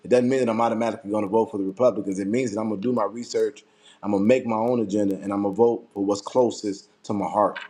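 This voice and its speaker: A man's voice: fairly low pitch, steady tone, racing, warm tone. Fired-up, profane man ranting. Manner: heated, profane, repeats himself for emphasis. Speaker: political commentator. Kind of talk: impassioned political rant.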